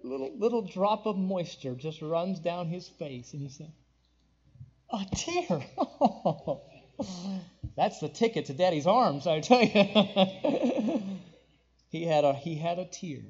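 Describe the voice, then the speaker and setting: A young man delivering a sermon, his voice pitched high for a man. He climbs into ringing, emphatic declarations and then sinks to soft, tender passages. The recording is dull and lo-fi. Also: expressive, slow pace, long pauses, breathy edge. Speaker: pastor.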